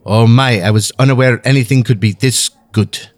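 A man's voice: mid-range voice, fairly even intonation, no echo, lightly acted. A man putting on a South African whiskey taster. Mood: savoring. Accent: put-on South African. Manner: slow, savoring, theatrical sip-by-sip ratings.

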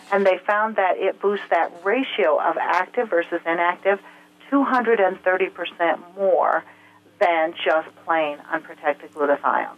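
A woman speaks as an interview guest on health, earnest and methodical, with many small hesitations. Her voice sits on the low side for a woman. She comes through a thin, tinny telephone line. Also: a little hiss or hum. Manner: earnest, explains step by step with frequent filler sounds. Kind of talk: explanatory interview answers.

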